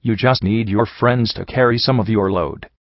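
A man voicing a weary, gentle male pony who embodies death, in a storybook reading. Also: fairly low pitch, moderate pace, no echo, close to an everyday voice. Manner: soft-spoken and kindly. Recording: dull lo-fi sound.

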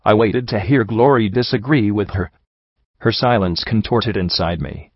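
Brief: male audiobook narrator, brooding, lowish voice, dry close sound. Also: normal speed, husky, dry recording, lo-fi sound. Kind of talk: first-person story narration.

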